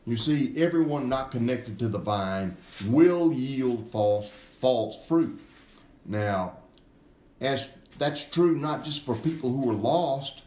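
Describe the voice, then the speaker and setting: A male pastor delivers a sermon at an unhurried, deliberate pace, leaning hard on repeated words. His voice sits at an ordinary middle pitch. The recording carries a noticeable roomy echo. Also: a little mellow. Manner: slow and emphatic, repeating key words. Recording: echoey room.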